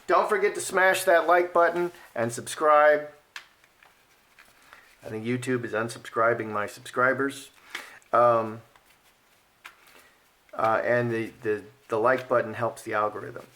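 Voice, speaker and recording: A man hosting his own channel, giving emphatic, opinionated commentary and then reading playing cards in a relaxed, musing way. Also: medium pitch. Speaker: card reader and channel host. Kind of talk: casual commentary and card reading.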